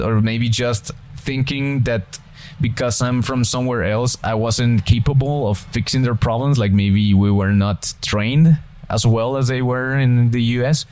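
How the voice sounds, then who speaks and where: A man's voice: mid-range voice, darkish tone. Rambling man with a foreign accent. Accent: non-native English, foreign accent. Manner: rambling, many restarts and tangents. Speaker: gaming channel co-host. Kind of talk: casual gameplay commentary.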